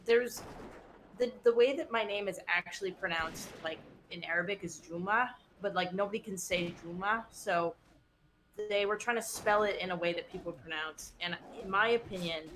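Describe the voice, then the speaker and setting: A woman's voice: mid-range voice, normal speed, a bit bright, slight background noise. A woman from the West Coast telling stories in casual chat while gaming, with lots of "like". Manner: chatty storytelling, lots of "like". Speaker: streamer.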